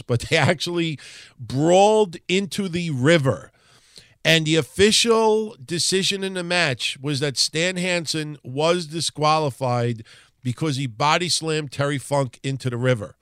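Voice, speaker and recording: A man's voice: fairly high pitch, fairly bright tone, smooth, dry recording. Profane New York man, dry close mic. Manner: conversational, profane, rambling with restarts. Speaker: podcast host. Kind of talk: casual wrestling history talk.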